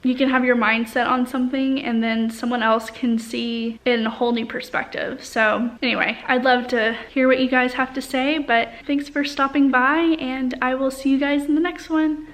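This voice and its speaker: A young woman teacher vlogging from her classroom, talking casually and rambling with plenty of "like" and "um". Her voice sits a little high. She chats to the camera as if to a friend. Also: level tone, moderate pace, hardly any pauses, fairly bright tone. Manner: chatty, rambling with many fillers. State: out of breath at times. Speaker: high school art teacher. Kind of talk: casual vlog talk to camera. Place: empty school classroom indoors.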